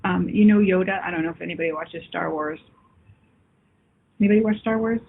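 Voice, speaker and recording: Woman host of a live call-in show, affectionate, slightly husky, heard over a tinny line. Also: on the low side, fairly quick. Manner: warm, affectionate, calls people love. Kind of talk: live call-in talk with viewers. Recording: phone-like lo-fi line.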